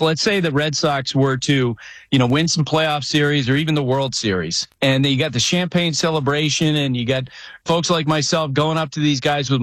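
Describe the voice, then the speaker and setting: A man's voice: fairly high pitch, a bit bright, no echo. Chatty man hosting a sports talk show. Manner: conversational, frequent restarts, storytelling. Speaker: podcast host. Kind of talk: casual sports chat.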